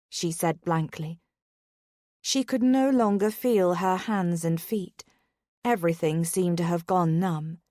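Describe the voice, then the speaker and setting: Slow, steady woman audiobook narrator. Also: on the low side, no echo, clean studio sound. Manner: steady, unhurried reading. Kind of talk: scripted romance narration.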